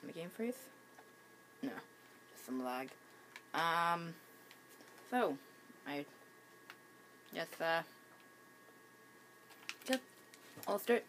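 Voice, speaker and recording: A woman's voice: fairly low pitch, big pitch swings, extremely slow, pauses often, a bit bright, slight background noise. A woman with the hiccups giving casual gameplay commentary at home, hesitant, with many ums and restarts. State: has the hiccups. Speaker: gaming channel host.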